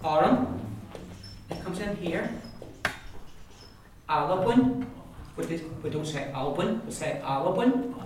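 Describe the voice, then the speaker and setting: A man's voice: fairly high pitch, expressive, normal speed. A man with an Ulster accent teaching a language class, carefully modelling sounds and drilling words aloud for his students. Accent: Ulster Irish English. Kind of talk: classroom pronunciation lesson. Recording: echoey room, mic far off, faint noise.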